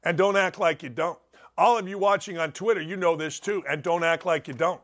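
Brash high-voiced man ranting as sports host. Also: fairly quick. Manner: brash, combative, mocking; wide swings in pitch and loudness. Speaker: sports talk show host. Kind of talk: opinionated sports radio rant.

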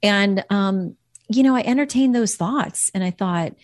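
A woman's voice: mid-range voice, unhurried, no room sound, studio quality. A woman guest telling a personal story of faith in an earnest, reflective way. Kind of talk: personal faith testimony in an interview.

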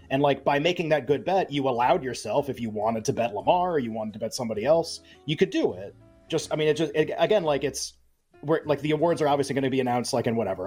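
A man on a sports betting podcast, talking loosely and with a sarcastic edge. His voice has a husky, breathy grain at a middle pitch. Faint music plays under him. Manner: animated, sarcastic, many fillers. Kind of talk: casual chat.

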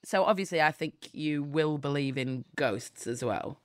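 A woman's voice: sits low, measured pace, dry recording, studio quality. Wry woman podcast host. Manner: joking, wry. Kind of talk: casual chat.

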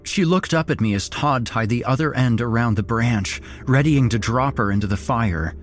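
A man's voice: mid-range voice, moderate pace, soft background music. A man narrating a first-person horror story in a grim, dramatic way.

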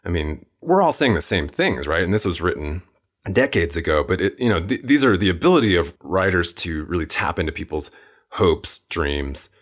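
A male podcast host with a very deep, low voice. He talks in an easy conversational way, reading out definitions and thinking aloud with his guest. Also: very animated, normal speed, fairly bright tone. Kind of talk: casual interview talk.

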